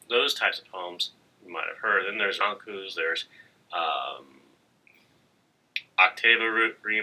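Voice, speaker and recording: Low, bright-voiced man teaching. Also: low-quality recording. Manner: relaxed and halting, many fillers. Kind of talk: recorded slide lecture.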